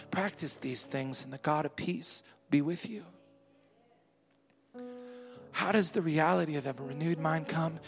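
A man, a pastor, preaching a sermon with call and response to a congregation, swinging between loud shouting and quiet murmuring. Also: on the high side, creaky. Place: church hall with a congregation. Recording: live hall with long reverb and soft music.

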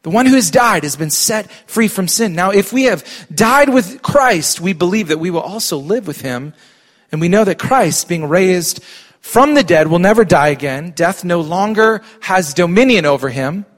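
A man's voice: sits high, animated, normal speed. A middle-aged male pastor preaching a sermon in church, emphatic and calling on the congregation to respond.

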